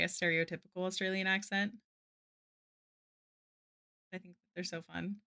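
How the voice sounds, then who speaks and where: Woman, live art streamer. Bright, chatty, casual, talks to chat while working. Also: on the low side. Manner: chatty, answers chat, many "like" fillers.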